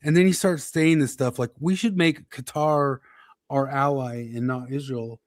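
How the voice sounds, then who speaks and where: A man's voice: medium pitch, steady tone, moderate pace, no room sound. A man co-hosting a casual podcast, telling political stories with laughs and mimicking quotes. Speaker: podcast host.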